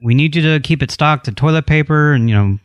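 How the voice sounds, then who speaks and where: A man's voice: on the high side, quick pace, clean tone, no room sound. A man plays a homeowners' association official on a prank phone call. He sounds smug and unflappable and keeps teasing the person he called. His voice is close and dry, with no room sound.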